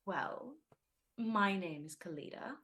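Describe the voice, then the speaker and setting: A woman's voice: medium pitch, lively intonation, takes it slowly, a bit bright. A woman playing her character in a tabletop game, making dry, wry remarks. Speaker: player.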